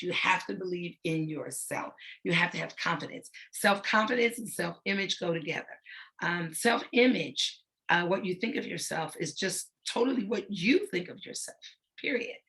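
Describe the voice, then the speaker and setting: A woman's voice: fairly low pitch, gravelly, pushed and bright. A middle-aged woman leading a motivational talk for young girls, earnest and emphatic, repeating her key points. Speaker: facilitator of a girls' self-image talk.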